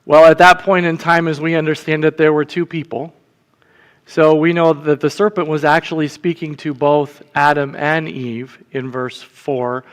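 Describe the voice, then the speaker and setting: Deacon giving a casual sermon, slightly high male voice, keeps checking in with the room, reverberant church sound. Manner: conversational, checks in with the congregation. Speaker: deacon preaching. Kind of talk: sermon teaching. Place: church sanctuary.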